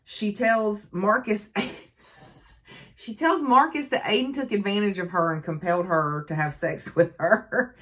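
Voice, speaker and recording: A woman's voice: medium pitch, sing-song, unhurried, a bit bright. A woman giving a casual book review and recap, talking in a chatty, conversational way with plenty of fillers.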